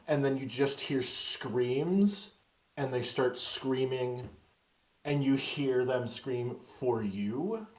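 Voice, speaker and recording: A game master narrating a horror tabletop game in a slow, drawn-out, suspenseful way. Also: mid-range voice, reverberant, rough recording.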